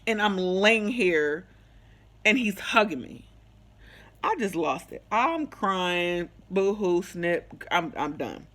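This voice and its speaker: A woman's voice: lowish voice, takes it slowly. A woman telling a personal story in casual, slangy vlog talk, acting out the back-and-forth of a conversation as she goes. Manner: animated, slangy, acts out the quoted dialogue. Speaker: vlogger sharing a personal testimony.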